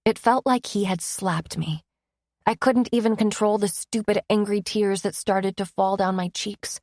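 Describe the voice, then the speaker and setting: A woman's voice: medium pitch, fairly even intonation, unhurried, darkish tone, no echo, clean studio sound. Woman narrating a romance audiobook. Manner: emotive, intimate first-person reading.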